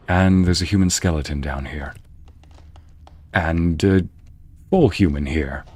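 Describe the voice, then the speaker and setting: A man giving wry, animated commentary while streaming a video game, often talking to himself. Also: low-pitched, normal speed, slight background noise. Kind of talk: gameplay commentary.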